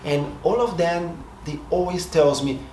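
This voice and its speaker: A man's voice: a little high, measured pace. Brazilian man musing in an echoey room. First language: Portuguese. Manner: reflective, hesitant, often restarts and rethinks his words. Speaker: vlogger. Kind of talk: casual monologue to camera. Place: seated in front of a camera. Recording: echoey room, faint background noise.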